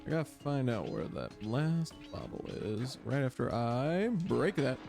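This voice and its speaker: Lively, animated young-sounding gaming streamer guy. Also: medium pitch, measured pace, vocal fry, over music. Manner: excitable, exaggerated exasperation. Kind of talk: let's play commentary.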